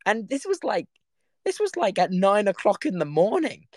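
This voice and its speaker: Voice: medium pitch, sing-song, moderate pace, no room sound. A young adult vlogger, telling a story to camera in a giggly, rambling way that trails off mid-sentence.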